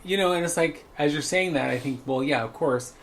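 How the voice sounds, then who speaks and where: Chatty man with a gravelly voice. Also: fairly high pitch, a little fast, a little hiss or hum. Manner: chatty storyteller, animated when quoting. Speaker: podcast co-host. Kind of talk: casual chat.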